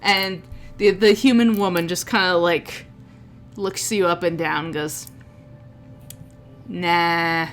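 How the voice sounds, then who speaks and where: A woman's voice: fairly low pitch, steady tone, unhurried. Woman, game master, descriptive narration, faint background music. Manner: descriptive, with frequent restarts.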